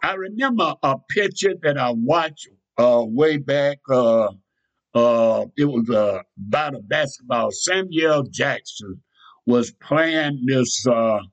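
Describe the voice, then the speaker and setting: A man preaching a sermon in a folksy, repetitive style with sudden bursts of shouting. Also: on the high side, rough recording. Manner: folksy, repeats phrases for emphasis.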